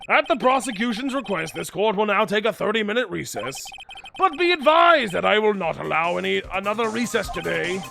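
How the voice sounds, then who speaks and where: A man's voice: high-pitched, lively intonation, a little fast, vocal fry, music in the background. A man voicing a stern, fussy elderly male judge in a video game, speaking formally.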